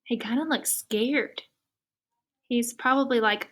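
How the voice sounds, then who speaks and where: A woman's voice: a little high, measured pace, sharp tone. A woman teacher reading a picture book aloud to young students, patient and asking many questions.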